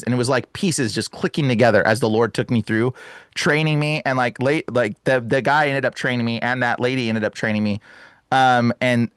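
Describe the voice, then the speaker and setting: A man, a guest exorcist, telling an excited story in casual, slangy talk during an interview. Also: mid-range voice, fairly quick, no echo, clean studio sound. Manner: animated and casual, full of slang asides.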